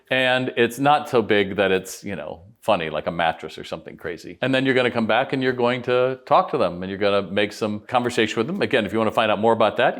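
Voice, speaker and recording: A man teaching retail sales in a conversational video talk, acting out quoted customers and staff with changed voices. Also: mid-range voice.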